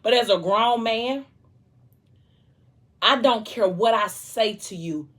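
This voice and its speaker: A woman vlogger chatting casually about a book, in an animated, emphatic and colloquial way. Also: on the high side, takes it slowly. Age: adult.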